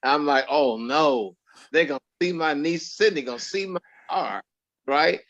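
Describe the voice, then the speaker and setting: A man tells stories as an interview guest, acting out every line of dialogue he quotes. His voice sits fairly high and sounds forceful and bright. The recording is dull and lo-fi. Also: measured pace. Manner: animated storyteller who acts out quoted dialogue. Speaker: actor guest. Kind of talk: storytelling in an interview.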